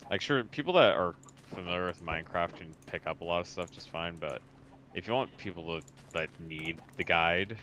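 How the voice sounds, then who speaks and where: A man's voice: deep voice, moderate pace, fairly bright tone, slight background noise, poor audio. A man chatting casually while playing a video game, explaining things patiently and matter-of-factly. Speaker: co-player.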